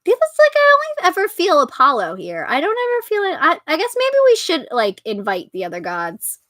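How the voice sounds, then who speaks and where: A woman's voice: high-pitched, wildly swooping pitch, a little fast, sharp tone, no echo, studio quality. A young woman chatting casually on her own live stream, giggling often and filling her talk with "like". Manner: giggly, chatty, full of "like" and laughter. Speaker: host.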